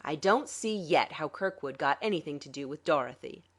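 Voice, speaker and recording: A suave, resentful male crook, played by a woman reading aloud. He speaks smoothly but grumbles, in a lowish voice. It comes from an audiobook drama reading. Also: lively intonation, normal speed.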